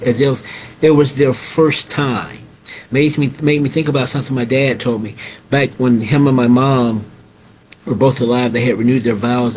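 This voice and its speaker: A man's voice: mid-range voice, darkish tone, a little hiss or hum. A middle-aged man hosting a casual storytelling monologue. He repeats his phrases and keeps addressing his listeners as guys. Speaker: host.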